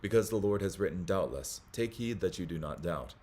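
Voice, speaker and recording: Guy with a really deep voice reading bible commentary, steady pace, fixes his little slips. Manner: measured reading with small slips and self-corrections. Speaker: Bible study host.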